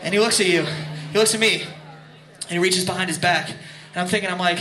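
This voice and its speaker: Between songs at a concert venue, a band's frontman tells a rambling, self-mocking story and laughs as he goes. His high-pitched voice is bright, forceful and fairly quick, picked up on a stage vocal mic amid echo and crowd noise.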